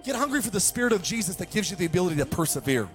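High-voiced pastor preaching fired up. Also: male voice, very animated, very fast, soft background music. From United States. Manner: fired-up preaching, swings between hushed and shouting. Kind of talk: sermon.

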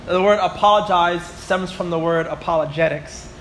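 A man's voice: sits high, moderate pace, a bit bright, a little hiss or hum. A man in his twenties teaching a Bible class, chatty and full of stories, often asking "right?" and "you know?". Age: 20s.

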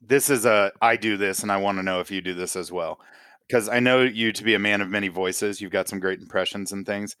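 A man's voice: lowish voice, fairly even intonation, fairly quick, sharp tone, clear, resonant tone, no echo. A man hosting a podcast, chatting casually and teasing his guest with a laugh. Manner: playful, teasing, laughs a lot. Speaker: podcast host.

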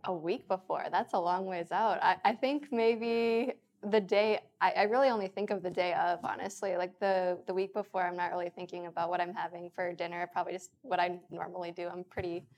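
A woman from the Midwest answers questions as a runner on a panel. She sounds relaxed and a little hesitant, padding her replies with fillers. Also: on the low side, brisk, few pauses. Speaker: runner guest.

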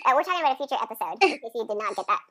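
A woman's voice: on the high side, big pitch swings, racing, background noise. A woman in her thirties co-hosting a casual podcast, chatty, often laughing and acting out quotes. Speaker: podcast co-host. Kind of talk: casual chat recapping a sitcom episode.

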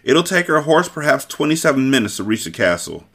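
A man's voice: mid-range voice, very animated, a little fast, vocal fry, fairly bright tone, husky, pitched above the performer's own voice, full character voice. A man voicing a conceited, scheming Sicilian kidnapper in a storybook reading, talking in a smug, bossy way.

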